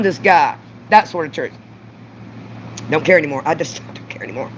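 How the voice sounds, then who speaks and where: Her voice is low and lively at a moderate pace as this middle-aged Southern vlogger from Mississippi rambles bluntly, swearing freely and at times getting louder in a confessional talk to camera. The lo-fi audio is dull, with a bit of hiss or hum.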